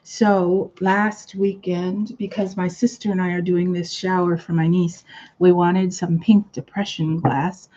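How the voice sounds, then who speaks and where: A woman's voice: on the low side, flat delivery, measured pace, dark tone, dull audio. A woman hosting a live crafting stream, chatting casually and rambling with lots of fillers. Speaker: crafting channel host.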